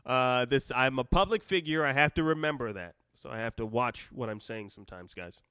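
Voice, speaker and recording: Chatty streamer with a smooth voice. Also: male voice, medium pitch, a little fast, bright, forceful tone, no room sound, clean studio sound. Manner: rambling, self-interrupting, joking asides. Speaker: live-stream host. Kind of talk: live-stream chat reading comments and taking calls.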